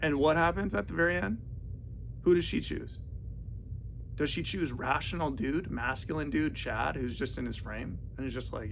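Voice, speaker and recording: A man's voice: a little high, expressive, a little slow, vocal fry, a little hiss or hum. A man giving sarcastic, casual movie commentary in a mocking, slangy, exasperated way. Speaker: movie reviewer.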